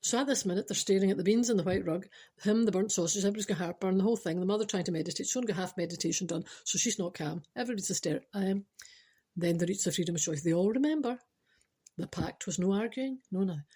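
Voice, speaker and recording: A woman's voice: medium pitch, fast talker, dark tone, slightly rough. Chatty Scottish woman telling a comic tale. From Scotland. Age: 40s. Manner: chatty, keeps saying "I know", ad-libs and digresses. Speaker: comic storyteller. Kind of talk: rambling comic monologue.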